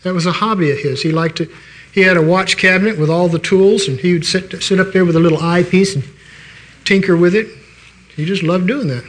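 A man's voice: high voice, a little fast, a bit bright. An older man preaching a sermon in a folksy, conversational way, telling stories and restarting his sentences.

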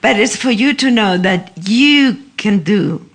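A woman shares a casual testimony in church. She talks slowly and haltingly, with many fillers. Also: medium pitch, lively intonation. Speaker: church speaker.

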